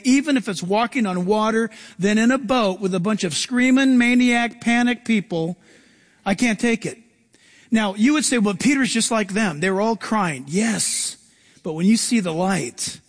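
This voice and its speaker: A man preaching a sermon as pastor, animated and acting out quoted lines, sometimes shouting them. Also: high voice.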